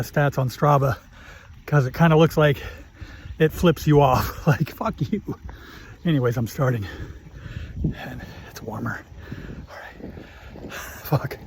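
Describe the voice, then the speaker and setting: A man's voice: on the high side, slight background noise. A man in his fifties chatting casually and swearing freely as he talks while cycling outdoors on a country road, at times out of breath. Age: 50s. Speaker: vlogger.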